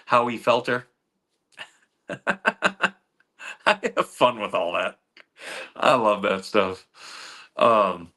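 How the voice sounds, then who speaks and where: A man's voice: lowish voice, bright, forceful tone. A middle-aged man hosting a livestream, chatting casually with viewers and rambling through stories with frequent chuckles and fillers. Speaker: livestream host reading chat.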